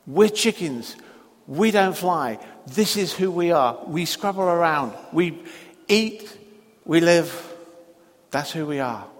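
A man voicing a flock of stubborn barnyard chickens in a spoken sermon story, insisting flatly that they don't fly. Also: fairly high pitch, slow pace, long reverb tail. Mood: insistent. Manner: flat, matter-of-fact insistence.

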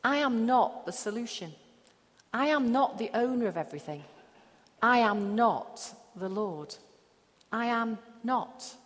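A woman pastor preaching a sermon, slow and emphatic with long pauses. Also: a little high. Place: church hall. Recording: echoey hall.

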